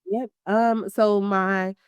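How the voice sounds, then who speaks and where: Woman in her thirties, smooth clear voice, lively storyteller who acts out quotes, dry close mic. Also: mid-range voice, drawn-out words, no echo, muffled recording. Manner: animated storytelling, acts out quotes, many fillers. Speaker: guest, pre-surgery patient. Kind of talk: emotional personal interview.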